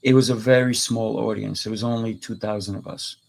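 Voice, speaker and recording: A man's voice: on the low side, steady tone, a little fast, vocal fry, a little mellow. A man hosting an interview, talking in an enthusiastic, effusive way. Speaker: host. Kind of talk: interview wrap-up chat.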